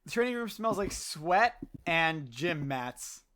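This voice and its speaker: A man's voice: a little high, very animated, slow pace, noisy background. A man narrating as game master of a tabletop game, hesitant and full of fillers. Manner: hesitant, filler-heavy, laughs often.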